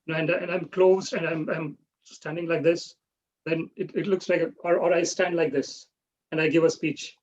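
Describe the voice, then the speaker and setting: A man runs an online public speaking workshop, explaining things step by step and frequently checking in with "right?". His voice leans high and darkish, with fairly even intonation at a moderate pace. It comes through a video call, with dull, lo-fi audio.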